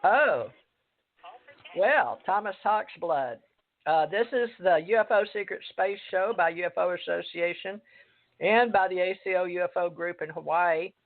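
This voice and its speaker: A woman hosting a radio show, talking in a rambling, hesitant way with many pauses. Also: fairly low pitch. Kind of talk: casual radio talk. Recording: tinny phone line.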